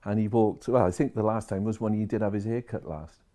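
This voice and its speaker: Mellow-voiced care worker. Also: male voice, lowish voice, fairly even intonation, a little fast. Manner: chatty, retells conversations line by line. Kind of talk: storytelling to camera.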